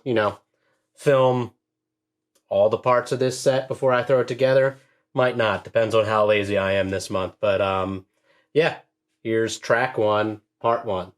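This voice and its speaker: A man's voice: medium pitch, measured pace. Laid-back man walking through a beat. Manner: relaxed, filler-heavy, self-deprecating. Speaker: music producer demonstrating a track. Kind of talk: casual tutorial talk.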